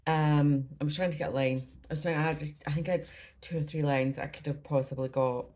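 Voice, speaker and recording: Recorded at home on poor-quality audio, a Scottish cross-stitch vlogger chats casually about her stitching projects, rambling, apologizing often and sounding slightly out of breath. Her voice is deep and a little mellow, with fairly even intonation and a fairly quick pace.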